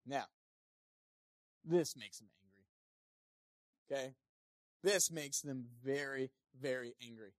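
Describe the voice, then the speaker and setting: A pastor preaching a sermon, animated, swinging between loud emphasis and quiet asides, and acting out the people quoted. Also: medium pitch, measured pace, long pauses, dry recording, studio quality. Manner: acts out quoted speakers in playful voices.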